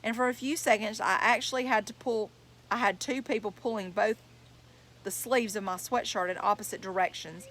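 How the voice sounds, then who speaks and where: A woman's voice: mid-range voice, fairly even intonation, normal speed, fairly bright tone. A woman reading a novel aloud, telling it in plain first-person storytelling. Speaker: reader.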